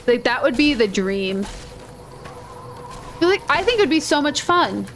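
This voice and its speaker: A woman's voice: high voice, big pitch swings, measured pace, a bit bright, a little hiss or hum. A woman with a Minnesotan accent, chatting in a rambling, playful way while she plays a video game. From Minnesota, USA. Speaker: gaming video host. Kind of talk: casual chat over gameplay.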